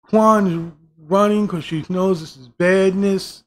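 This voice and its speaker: A man's voice: sits high, steady tone, slow. A man giving a profane, exasperated review of a TV season, swearing constantly and mocking the characters' lines. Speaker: show reviewer.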